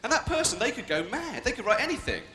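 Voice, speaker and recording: Young british guy doing stand-up, high lively voice bouncing all over, big echoey hall, crowd noise behind. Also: fast. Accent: British English. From Britain. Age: young adult. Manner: cheeky, provocative, bantering with the crowd. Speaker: stand-up comedian. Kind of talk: live stand-up comedy. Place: large arena stage with a live audience. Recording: echoey arena with long reverb and crowd noise.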